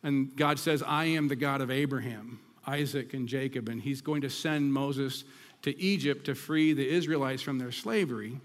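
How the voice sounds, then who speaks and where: A man preaching a sermon as pastor, reading scripture aloud with emphatic, dramatic slowdowns. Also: mid-range voice. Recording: long reverb of a hall.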